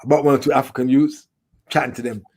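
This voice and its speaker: A man's voice: mid-range voice, fast. A middle-aged man, guest in an interview, telling his stories in casual street slang. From England. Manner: street slang, animated storyteller. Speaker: documentary filmmaker, guest.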